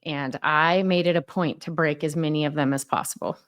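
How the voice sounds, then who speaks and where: A woman's voice: low voice, fairly even intonation, fairly quick. A woman who is a pastor, co-hosting a podcast with dry, playful quips. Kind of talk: casual chat.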